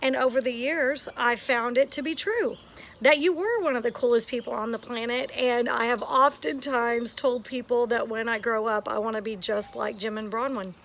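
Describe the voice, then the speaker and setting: A woman with a slightly raised pitch stands outdoors and records a heartfelt birthday video for a friend. She talks earnestly and with emotion, filling pauses with ums. A faint hiss sits under her voice. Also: gravelly, a bit bright. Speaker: friend giving a birthday message.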